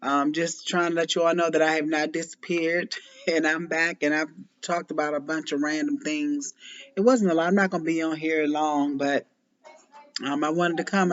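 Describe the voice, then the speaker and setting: A woman's voice: low-pitched, flat delivery, normal speed. Woman in her forties, casual vlog chat, laughs often, lots of ums, dull lo-fi sound. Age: 40s. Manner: chatty and loose, laughs often, many ums and restarts. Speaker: vlogger and former preschool teacher. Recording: muffled lo-fi audio.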